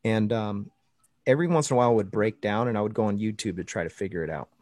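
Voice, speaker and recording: A man's voice: on the low side, quick pace, no echo. Chatty pastor guest, dry close sound, call audio, laughs through his anecdotes. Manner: storytelling, animated, laughs often. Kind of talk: casual chat over a video call. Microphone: video call.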